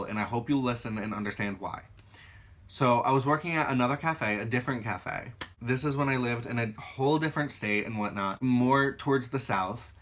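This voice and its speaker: A young man with a bright, forceful voice tells work stories in a loose, casual way. He is animated and swears freely, slipping into the voices of the people he argues with. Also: mid-range voice. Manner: animated, swears freely, acts out quoted arguments. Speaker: YouTuber. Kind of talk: casual storytelling.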